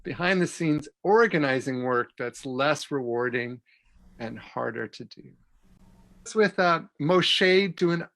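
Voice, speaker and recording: A man's voice: fairly high pitch, animated, takes it slowly, a bit bright. A man on a panel giving earnest, grateful closing remarks. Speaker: guest panelist.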